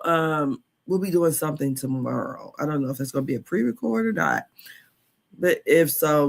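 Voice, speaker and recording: A woman in her fifties hosting a casual live stream, chatty and candid, laughing often as she talks. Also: deep voice. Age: 50s. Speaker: podcast host.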